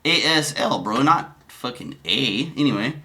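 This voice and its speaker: A man's voice: medium pitch, expressive, measured pace, bright, forceful tone. A man giving casual commentary, rambling and profane, often cutting himself off. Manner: profane, rambling, self-interrupting.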